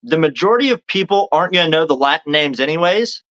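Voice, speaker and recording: A man co-hosting a podcast, asking casual interview questions in a relaxed, slightly stumbling way. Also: on the high side, fast, dull audio. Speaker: podcast co-host.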